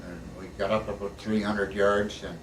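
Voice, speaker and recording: A man's voice: lowish voice, flat delivery, moderate pace, a bit bright. An older man, a war veteran, telling his stories in a plain, folksy way, often ending sentences with "eh". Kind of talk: casual storytelling interview. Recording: echoey room, recorded from a distance, faint background hiss.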